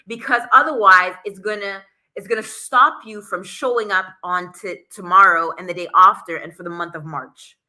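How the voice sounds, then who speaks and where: A woman's voice: medium pitch, bright, forceful tone. A young woman hosting a casual live stream, chatting to viewers and greeting them by name, still out of breath after a workout. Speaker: social media coach and live-stream host.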